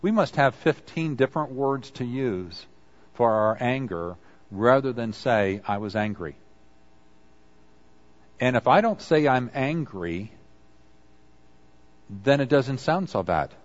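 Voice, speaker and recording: A man's voice: medium pitch, expressive, slow pace, pauses often. Conversational male preacher, slightly muffled. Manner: conversational, acts out quoted apologies. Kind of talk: sermon on confession.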